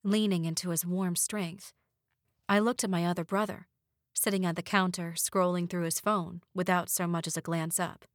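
A woman's voice: on the low side, level tone, normal speed, dry recording. Woman narrating a novel in a dry voice. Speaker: audiobook narrator. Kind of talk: first-person novel narration.

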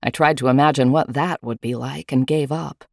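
A woman reading a first-person story aloud with a wry, lively manner. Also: rumbling low, moderate pace, creaky, dry recording, studio quality. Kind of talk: storytelling narration.

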